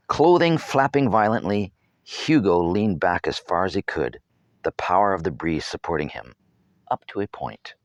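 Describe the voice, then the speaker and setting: Deep-voiced man narrating his own novel. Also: expressive, normal speed, no echo, studio quality. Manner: wry, humorous asides. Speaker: author reading his novel. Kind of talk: storybook narration.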